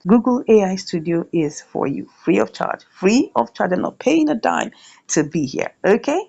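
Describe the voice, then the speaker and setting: A woman's voice: mid-range voice, very animated, normal speed, creaky, darkish tone, dull audio. A woman hosting a chatty screen-share tutorial, often checking in with "right?". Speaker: YouTube tutorial host.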